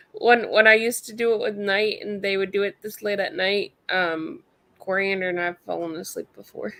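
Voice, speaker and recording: A man's voice: sits high, fairly even intonation, moderate pace, gravelly, pushed and bright. A man hosting a live stream, giving short acknowledgments and reading out chat messages in a casual way. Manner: brief backchannels, reads out chat messages. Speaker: host.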